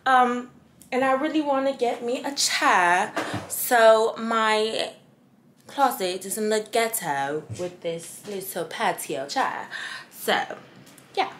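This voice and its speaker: A woman's voice: fairly high pitch, slow pace, fairly bright tone, roomy sound, a little hiss or hum. A woman vlogger talking casually in a put-on British accent at home, swearing freely and sounding playfully exasperated. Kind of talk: casual vlog monologue. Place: her apartment.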